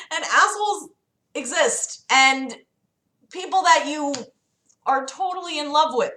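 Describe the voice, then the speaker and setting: A woman's voice: high-pitched, lively intonation, slow pace, long pauses, pushed and bright, roomy sound. A woman hosting a casual livestream chat, rambling and profane with lots of fillers. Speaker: livestream host.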